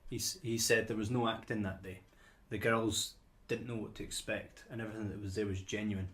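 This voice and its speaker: A man's voice: lowish voice, flat delivery, a little fast, fairly bright tone. A man co-hosting a podcast in casual chat, often repeating words as he starts a sentence. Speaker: podcast co-host.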